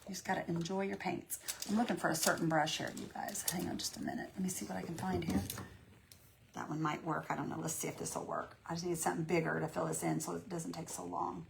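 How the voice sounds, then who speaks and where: A woman's voice: fairly low pitch, flat delivery, fast, gravelly, a little hiss or hum. A woman hosting a live painting demo, chatting in a folksy, encouraging way with her viewers. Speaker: craft tutorial host.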